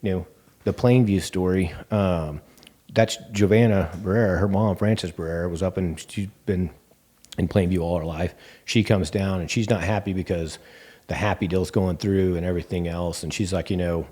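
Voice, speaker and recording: As a guest on a relaxed interview, a bank CEO from the Texas Panhandle spins stories at a moderate pace in his low, mellow voice. He acts out each exchange himself, animated and heavy on fillers like um and you know.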